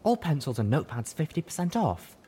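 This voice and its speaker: A man's voice: a little high, big pitch swings, a little fast, mellow, slight background noise, pitched above the performer's own voice. A man voicing a nervous but witty young pegasus mare in a light, chirpy tone. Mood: wry.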